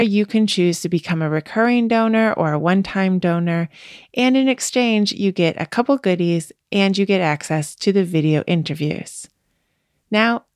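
A woman's voice: on the low side, a little mellow, no echo, studio quality. A woman hosting a podcast in a chatty, upbeat way, her voice slightly worn as she is losing it. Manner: chatty, upbeat, laughs easily. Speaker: podcast host. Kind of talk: casual podcast chat.

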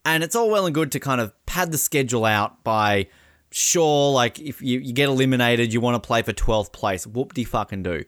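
An Australian man co-hosting a casual podcast in a wry, chatty manner. His mid-pitched voice is bright and forward, and it is recorded close with almost no room sound. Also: lively intonation, normal speed, dry recording. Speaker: podcast co-host. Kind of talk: casual chat.

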